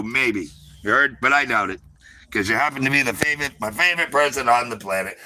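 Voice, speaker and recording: A man's voice: mid-range voice, a little fast, pushed and bright, dry recording, poor audio. A middle-aged man with a Southern US accent, hosting a livestream in a rambling, profane way and always asking "you heard?". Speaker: livestream host. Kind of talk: rambling live-stream monologue and phone chat.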